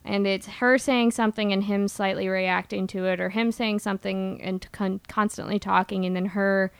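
A woman's voice: mid-range voice, fairly even intonation, gravelly, clean tone, dry recording. A woman co-hosting a podcast in casual chat, making wry joking asides about a film. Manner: wry, quick jokey asides. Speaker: podcast co-host.

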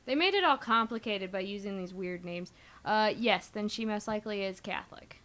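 A woman's voice: mid-range voice, a bit bright, no room sound. A woman co-hosting a podcast in casual chat, making wry joking asides about a film. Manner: wry, quick jokey asides. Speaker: podcast co-host.

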